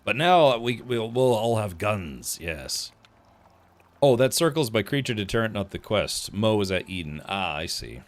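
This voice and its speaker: A man's voice: fairly low pitch, sing-song, a little slow. A man hosting a let's play stream, chatty and easily distracted while he plays. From United States. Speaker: streamer host.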